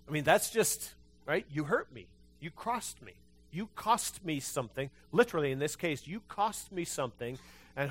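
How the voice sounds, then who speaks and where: A man preaching a sermon in church, conversational and lively, often restarting his sentences. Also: fairly high pitch, moderate pace, a little hiss or hum. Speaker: pastor.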